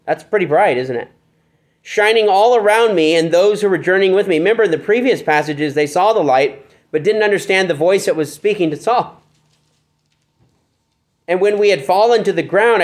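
Speaking a little quickly in a high voice, this man is a pastor teaching Bible study. He reads passages out loud and throws out rhetorical questions.

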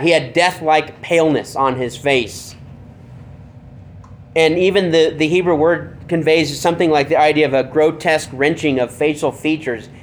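A male pastor teaching a Bible study, reading passages aloud and asking rhetorical questions. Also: on the high side. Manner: reads scripture aloud and asks rhetorical questions.

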